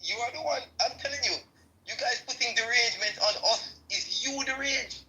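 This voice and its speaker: A man's voice: very high-pitched, a little fast, pushed and bright, low-quality recording. A man in a live audio chat room debating politics in loose slang, stumbling through repeated restarts.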